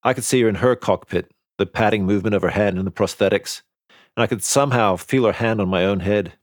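A man narrating a science fiction story in the first person, in a steady storytelling manner. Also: fairly low pitch, a little fast, no room sound, studio quality. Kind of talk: audiobook narration.

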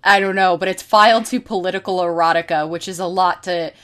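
A woman's voice: on the low side, steady tone, a little fast. A woman podcast host reading an article aloud in a casual way, with many ums and self-corrections.

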